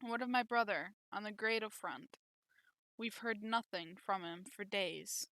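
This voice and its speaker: A woman reading aloud as a gentle young princess, soft and concerned. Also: medium pitch, a little slow, dry recording.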